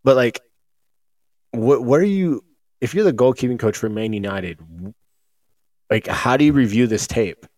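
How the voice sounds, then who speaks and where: With no room sound in the recording, a man appears as a guest on a sports talk show, his medium-pitched voice animated and slightly mellow at a normal pace, broken by long pauses. His casual sports chat is rambling, full of restarts and filler words.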